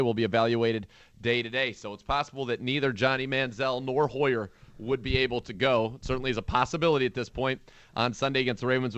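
Male sports radio host, smooth clear voice, dry close sound, brisk recap delivery. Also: medium pitch, a bit bright, no room sound, highs cut off.

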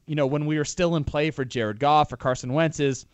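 Higher-voiced male sports radio co-host. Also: steady tone, fairly quick, clear, resonant tone, no room sound. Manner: rambling, restarts often. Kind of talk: casual sports talk.

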